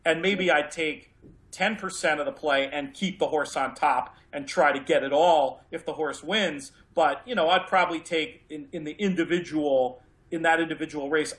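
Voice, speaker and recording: A man on a podcast with a bright, forceful tone and a voice pitched a little above usual. He talks things through reflectively, looping back and restarting his sentences as he goes. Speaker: podcast co-host, horse racing handicapper. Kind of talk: casual podcast discussion.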